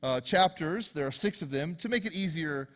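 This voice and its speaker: A man's voice: on the high side, expressive, normal speed, fairly bright tone. Chatty male preacher in a reverberant hall. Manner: conversational, joking storytelling with audience asides. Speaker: pastor. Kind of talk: sermon. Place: church sanctuary.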